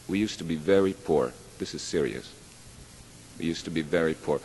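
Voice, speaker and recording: A man's voice: extremely low pitch, normal speed, darkish tone, slight background noise. Chatty man telling jokes in a hall. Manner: chatty, rambling, self-deprecating. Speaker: stage performer. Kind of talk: live stand-up joke telling. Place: large hall with live audience. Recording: long hall reverb.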